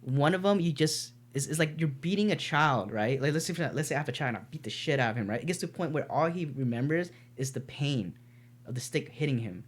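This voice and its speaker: A man's voice: fairly high pitch, animated, quick pace. Man telling earnest stories on a podcast. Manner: earnest storytelling, frequent restarts and swearing. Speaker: podcast co-host; martial arts teacher. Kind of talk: casual podcast chat.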